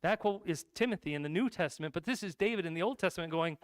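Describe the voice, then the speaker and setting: A male pastor preaching a sermon, retelling a Bible story in a lively, casual way with asides to the congregation. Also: sits high, quick pace.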